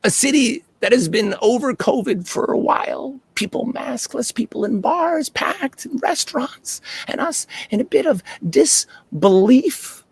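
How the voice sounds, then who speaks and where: A man with a gravelly, husky voice tells a personal story on stage in an earnest, reflective way, dropping low and climbing high as he goes. The sound is dry and close, with almost no room around it. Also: expressive, unhurried, hardly any pauses, no room sound. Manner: earnest, reflective storytelling with dramatic swings in pitch and loudness. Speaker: storyteller performer.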